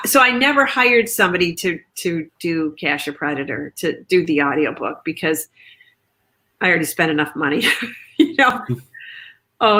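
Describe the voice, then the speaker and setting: A woman author chatting on a video call, telling stories in a lively way and acting out quoted lines. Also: sits low. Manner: chatty, animated storytelling with quoted asides. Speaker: author guest. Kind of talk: casual video chat.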